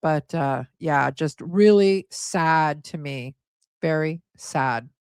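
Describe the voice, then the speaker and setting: A woman's voice: sits low, slow pace, a little mellow, smooth, dry recording. A woman in her forties hosting a casual live stream, chatty and blunt, scornful as she reads viewer comments aloud. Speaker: host.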